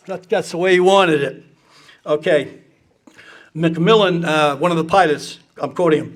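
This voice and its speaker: High-voiced man telling blunt anecdotes. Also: moderate pace. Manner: blunt, profane, quotes people with gusto. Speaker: speaker recounting political anecdotes. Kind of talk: casual storytelling to an audience.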